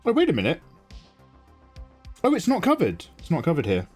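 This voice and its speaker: A man's voice: on the high side, huge pitch swings, moderate pace, a little mellow, breathy edge. A man chatting casually with viewers on a live art stream while drawing, playfully snarky and greeting people by name. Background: faint synth music.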